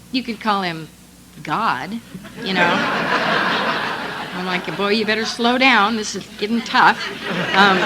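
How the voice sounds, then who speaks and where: A woman sharing her recovery story in an easy, conversational style, changing her voice to play both sides of past conversations. Her pitch sits in the middle of the range. A faint hiss stays under her voice. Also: low-quality recording. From United States. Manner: conversational storytelling, quotes others with animated voice shifts. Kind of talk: conference talk.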